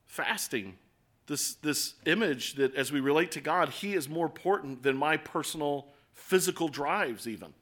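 Man, American accent, sermon, bright forceful voice, slightly high pitch, earnest and conversational. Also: animated, moderate pace. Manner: earnest, conversational preaching with rhetorical questions. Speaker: pastor.

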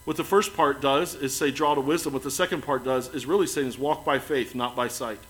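A man preaching a sermon as pastor, earnest, building to emphatic lines and then dropping soft and quiet. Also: medium pitch, steady tone, fairly quick, low-quality recording.

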